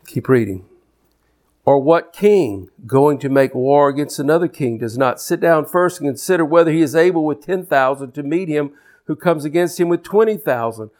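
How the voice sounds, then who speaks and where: A man preaching a sermon, his voice sitting a little high for a man. He delivers emphatic declarations, then drops into low, intense asides to drive a point home. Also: animated, normal speed, darkish tone.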